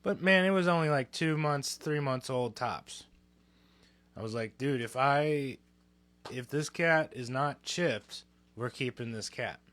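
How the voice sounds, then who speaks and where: A man's voice: medium pitch, measured pace, fairly bright tone. A young man co-hosting a podcast, telling a story in casual chat, candid and swearing freely. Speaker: podcast co-host.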